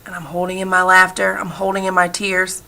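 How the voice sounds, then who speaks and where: Bright, gravelly woman voicing a signed story. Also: on the low side, monotone. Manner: halting, repetitive phrasing with frequent "like". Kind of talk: voicing a personal story from sign language.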